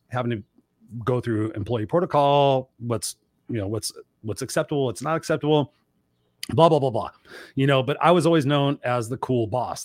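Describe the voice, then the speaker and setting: A middle-aged man co-hosting a casual online talk show, telling stories with lively energy and plenty of swearing. His voice has a mid-range pitch. The sound is close and dry, with little room echo. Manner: animated, profane, acts out quotes loudly. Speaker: co-host. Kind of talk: casual storytelling chat.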